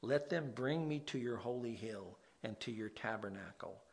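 Male preacher, mid-pitched voice, unhurried scripture reading and plain talk. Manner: reads scripture slowly, then explains in a plain conversational way. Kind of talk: sermon.

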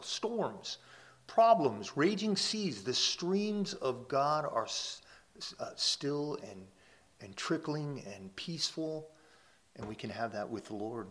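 A man giving a conversational sermon as a pastor. He often restarts his phrases and checks in with "right?", swelling louder on key points and dropping soft and quiet on calm lines. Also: on the high side.

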